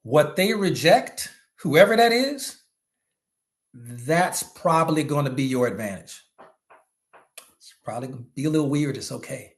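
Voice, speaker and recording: A man giving a motivational leadership talk to network marketers, animated and preachy, with slangy asides and sudden shouts. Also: a little high, unhurried, long pauses.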